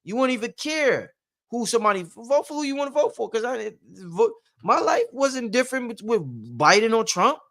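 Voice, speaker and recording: A man's voice: very high-pitched, sing-song, moderate pace, a bit bright. A man hosting a casual livestream who gives rambling, preachy motivational talk and repeats his points for emphasis. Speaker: livestream host.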